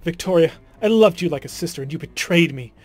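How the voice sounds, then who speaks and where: A man reading the lines of a stern, wronged young noblewoman, earnest and building to forceful declarations. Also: a little high, animated, quick pace, faint music behind. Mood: grieved. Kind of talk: dramatic reading of game dialogue.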